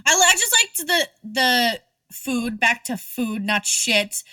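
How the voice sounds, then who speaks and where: Podcast co-host, woman, casual chat, blunt humor, bright slightly high voice. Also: lively intonation, takes it slowly, no echo, recorded from a distance. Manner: joking, blunt, swears freely.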